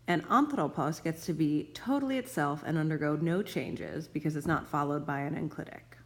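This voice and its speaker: A woman professor calmly explaining grammar rules step by step in a recorded tutorial, with playful asides. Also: sits low, a little fast, hardly any pauses. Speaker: Ancient Greek professor.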